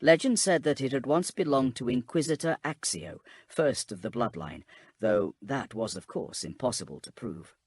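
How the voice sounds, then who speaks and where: Calm, husky male audiobook narrator. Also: mid-range voice, moderate pace. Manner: calm, steady storytelling.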